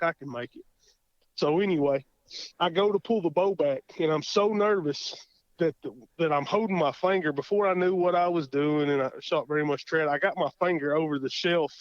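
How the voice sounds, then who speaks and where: A man with an Oklahoma accent, a guest telling a hunting story in a casual interview, folksy and animated, acting out his own thoughts. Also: a little high, no echo. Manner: folksy, animated, lots of quoted self-talk. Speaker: guest hunter. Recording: muffled dry podcast audio.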